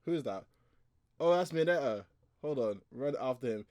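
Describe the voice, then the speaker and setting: A young man chatting casually as he reacts to a manga chapter, excitable and quick to laugh, with loose, filler-heavy talk. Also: medium pitch, dry recording, studio quality.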